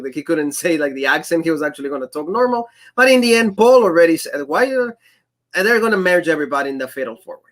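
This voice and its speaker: A man's voice: a little high, a bit bright. A man co-hosting a wrestling review show, talking casually with many you-know fillers. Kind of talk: casual chat.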